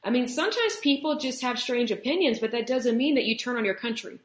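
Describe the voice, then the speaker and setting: A woman's voice: a little high, lively intonation, fairly quick, echoey room. A woman in her thirties hosting a solo political podcast, talking earnestly and repeating points for emphasis. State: has the hiccups. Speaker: podcast host.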